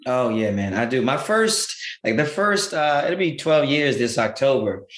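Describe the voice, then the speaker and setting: A man who is a stand-up comedian and teacher, a podcast guest telling relaxed, anecdotal stories in casual chat. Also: mid-range voice, normal speed. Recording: echoey room.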